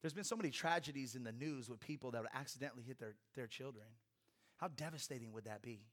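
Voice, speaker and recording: A man preaching a sermon as pastor, swinging from loud, intense passages to hushed ones, with humorous personal asides to the congregation. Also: medium pitch, fast.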